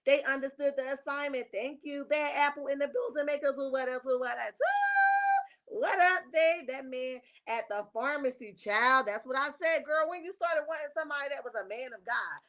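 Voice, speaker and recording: A woman's voice: high voice, a little fast, few pauses, fairly bright tone. Sassy woman gossiping on a livestream. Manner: sassy, emphatic, chatty, reads viewer comments aloud. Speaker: livestream host. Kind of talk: casual reality-TV gossip livestream.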